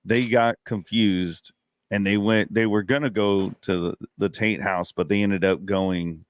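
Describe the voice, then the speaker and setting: Lower-voiced man recapping, dry sound. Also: a little slow, smooth, no room sound. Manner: relaxed, loose recaps with "you know". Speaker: podcast co-host. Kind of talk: casual movie discussion.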